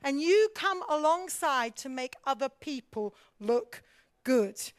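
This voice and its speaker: A woman giving a church teaching talk on leadership. She is animated, keeps asking the audience questions and acts out the voices of the people she describes. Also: high-pitched, takes it slowly, no echo, studio quality.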